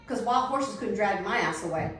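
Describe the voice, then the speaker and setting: A middle-aged woman, telling a blunt, animated story while setting a table. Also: mid-range voice, normal speed, recorded from a distance, a little hiss or hum. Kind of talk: casual storytelling chat. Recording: echoey room, voice from off the mic.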